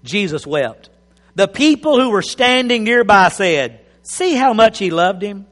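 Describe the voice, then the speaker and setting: Animated preacher with a high voice. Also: male voice, measured pace, long reverb tail. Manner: animated, repeats phrases, acts out quotes. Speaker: pastor. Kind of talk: sermon.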